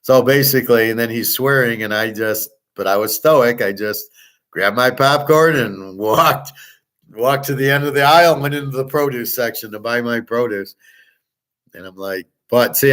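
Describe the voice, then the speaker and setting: A man's voice: on the low side, a bit bright. An older man hosting his own show in a rambling casual monologue, blunt and profane, firing off rhetorical questions. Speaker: sports betting and gold commentary host.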